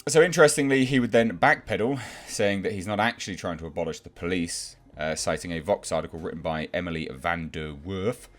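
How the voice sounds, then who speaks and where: A man's voice: deep voice, fairly quick, few pauses. A man giving a sarcastic, exasperated ranting commentary, mocking what he reads out. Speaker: YouTube film commentator.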